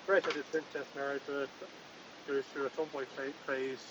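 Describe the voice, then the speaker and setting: A man's voice: medium pitch, level tone, normal speed, very noisy. A man hosting a comedic podcast in the role of a mock judge, speaking in a mock-stern, bossy and dry way. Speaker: host playing a mock judge.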